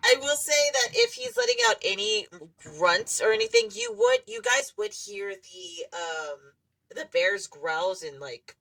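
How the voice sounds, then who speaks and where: A woman running a tabletop game as game master, laid-back and giggly, with fillers and halting pauses. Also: mid-range voice, wildly swooping pitch, creaky, a bit bright, dry recording, distant mic, poor audio.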